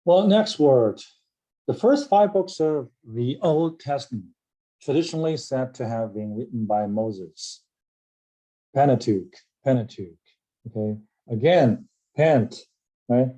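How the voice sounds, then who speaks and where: A man teaching an English vocabulary lesson, explaining word roots, spelling words out letter by letter and often checking with "right?" between pauses and filler sounds. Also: mid-range voice, animated, warm tone, rough recording.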